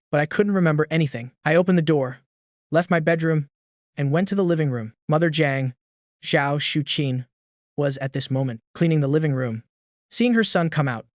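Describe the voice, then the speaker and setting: Brief: male storyteller, a bit high, dry close mic, steady reading. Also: dry recording. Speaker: narrator. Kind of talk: scripted story narration.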